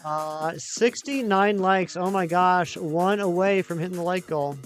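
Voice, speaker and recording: A man live-streaming a video game, chatting excitably with his viewers. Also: sits high, a little slow, faint music behind. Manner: chatty, excitable, talks to chat. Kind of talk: live gaming stream chat.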